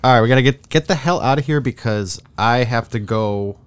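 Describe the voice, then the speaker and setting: A man's voice: medium pitch, a little fast, clear, resonant tone. A man co-hosting a podcast, giving short replies and dry teasing in casual chat. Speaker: podcast co-host.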